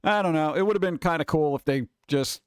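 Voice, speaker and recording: A man's voice: fairly high pitch, a little fast, clear, resonant tone, dry recording, studio quality. A man streaming live, chatting casually and rambling while answering his viewers. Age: adult.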